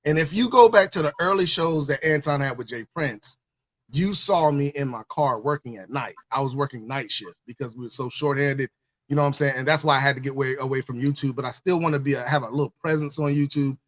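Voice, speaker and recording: A man's voice: medium pitch, fairly quick. A man hosting a casual livestream chat, laid-back and repeating his phrases. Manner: laid-back, repeats phrases, says "you know what I'm saying". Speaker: livestream host.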